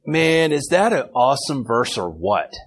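A man's voice: medium pitch, very animated, measured pace, low-quality recording. A man leading an informal Bible study, reading verses and taking questions from his group in a conversational way.

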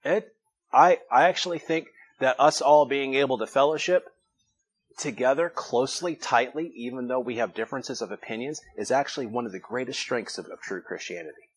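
A man's voice: medium pitch, brisk, husky. A man preaching a sermon as pastor, teaching in a conversational, reflective way and rising now and then for emphasis.

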